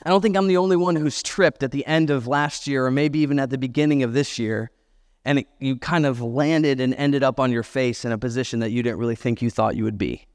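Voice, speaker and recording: This pastor, a man in his thirties, shares a self-deprecating story from his own life during a sermon, with plenty of chatty asides. He speaks fairly quickly in a clear, resonant, medium-pitched voice, and a long hall reverb surrounds the recording.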